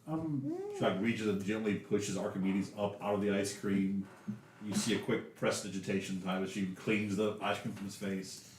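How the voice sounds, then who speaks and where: A man's voice: fairly low pitch, moderate pace, slight background noise. A man with a Southern US accent narrating a tabletop game as game master, full of fillers and restarts. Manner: lively, many fillers. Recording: echoey room, distant mic.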